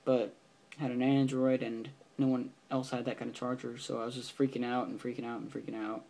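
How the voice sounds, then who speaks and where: A man's voice: mid-range voice, little pitch movement, a little fast, creaky, warm tone. A teenage boy telling a story in a casual vlog, rambling with lots of fillers and restarts. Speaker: vlogger.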